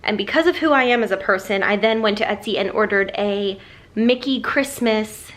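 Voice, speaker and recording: A woman's voice: mid-range voice, moderate pace, fairly bright tone. A young woman chatting casually and rambling to her camera at home. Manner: rambling, chatty, self-deprecating. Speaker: vlogger. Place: living room at home.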